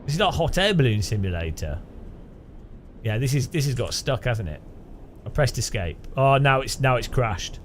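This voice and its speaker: A man's voice: mid-range voice, very animated, normal speed, a little hiss or hum. A British man streaming a game live, chatting casually in a rambling, jokey way with frequent restarts. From Britain. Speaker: gaming streamer. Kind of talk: casual live gaming chat.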